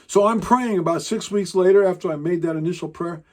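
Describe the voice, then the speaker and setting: A man's voice: high voice, brisk, hardly any pauses, a little mellow. A man preaching a sermon, talking in an emphatic, rambling way with frequent restarts. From Pacific Northwest, United States.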